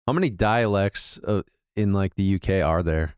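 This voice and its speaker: Man, Midwestern American accent, very deep, smooth, dry close sound, curious halting questions. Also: darkish tone, dry recording. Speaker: podcast co-host. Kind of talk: casual podcast chat.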